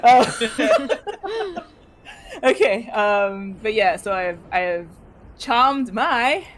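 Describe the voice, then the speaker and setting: A woman's voice: medium pitch, takes it slowly, a bit bright. A woman playing in a tabletop game session, chatting casually, giggling and restarting her sentences often. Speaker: player.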